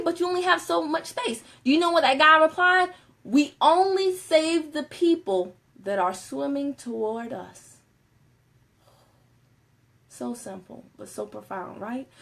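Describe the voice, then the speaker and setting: This is a woman hosting a casual live stream. Her voice sits high and bounces with animation. She chats with viewers, laughs easily and keeps an informal, talkative flow. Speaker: Facebook Live host.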